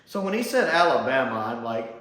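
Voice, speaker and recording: Animated chatty man in an echoey room. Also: mid-range voice, fairly quick. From Mississippi. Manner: animated and chatty, laughs often, does mocking voices. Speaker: reviewer. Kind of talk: casual review commentary.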